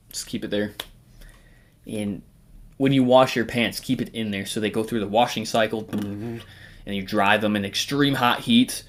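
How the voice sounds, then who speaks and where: A man hosting a casual tier-list ranking, talking in a rambling, jokey way, swearing often and sometimes trailing off into mumbles and whispers. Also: on the low side. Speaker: host.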